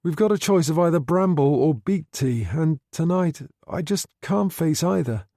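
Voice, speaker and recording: A man reading a novel aloud, voicing a worried wartime wife in a raised, gentle tone. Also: deep voice, lively intonation, normal speed, no echo, studio quality, voice pushed up. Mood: wry.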